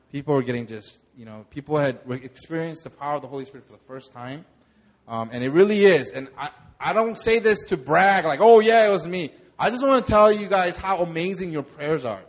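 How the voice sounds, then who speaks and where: A young man, a pastor, telling a lively sermon testimony and acting out the moments in his story. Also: a little high. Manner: animated storytelling, acts out shouts.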